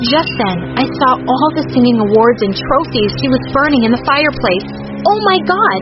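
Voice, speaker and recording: A woman's voice: a little high, normal speed. A woman narrating a first-person storytime in a dramatic, exclaiming way. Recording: muffled, lo-fi, with music.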